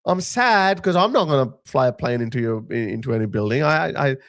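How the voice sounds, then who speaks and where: A man's voice: mid-range voice, expressive, fairly quick, fairly bright tone. A man in his thirties giving an opinionated live-stream monologue as a political commentator, emphatic and heated, often restarting and repeating his phrases.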